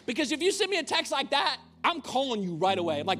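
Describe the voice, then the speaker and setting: A man's voice: extremely high pitch, sing-song, fast, sharp tone, soft background music. A male pastor preaching a sermon in a church, conversational, with humorous asides. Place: church auditorium.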